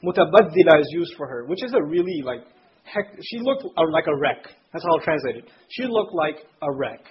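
High-voiced man giving a casual religious lecture. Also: very animated, fairly quick, slightly rough. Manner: explains scripture terms in plain everyday speech. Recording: dull lo-fi recording with faint noise.

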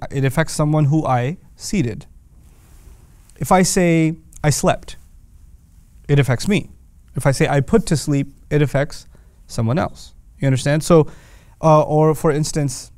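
A man's voice: a little high, a little mellow, dry recording. Patient casual man explaining grammar. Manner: casual and patient, acts out example phrases. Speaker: teacher. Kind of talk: explaining Arabic grammar in a lesson series.

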